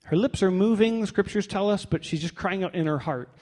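A man's voice: high voice, a little fast, darkish tone. A man pastor preaching a sermon in a conversational, wry way, reading scripture aloud in a church. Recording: long hall reverb.

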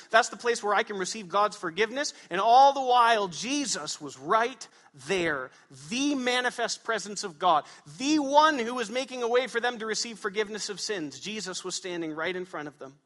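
A male pastor preaching a sermon in a church, his voice high and bright. He presses his points hard and throws questions out to the congregation. The sound rings with a long hall reverb. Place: church sanctuary.

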